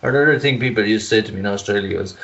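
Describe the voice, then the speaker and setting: Irish man, animated storyteller, laughs often, echoey room, muffled call audio. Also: on the low side, rapid-fire, creaky. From Ireland. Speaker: podcast co-host. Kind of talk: casual chat. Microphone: video call.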